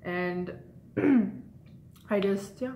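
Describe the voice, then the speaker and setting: A woman's voice: medium pitch, extremely slow, warm tone, slight background noise. A young woman chats straight to her camera, telling a long personal story. She rambles, with many "like"s and "um"s. The room around her is echoey. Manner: chatty, rambling, lots of "like" and "um". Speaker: vlogger. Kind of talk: casual storytime chat.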